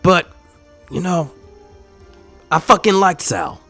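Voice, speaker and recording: A man's voice: high-pitched, sing-song, takes it slowly, pushed and bright, soft background music, pitched above the performer's own voice, heavily acted. A man voicing a crude, menacing male goblin who rides a warg, swearing and threatening in a swaggering way.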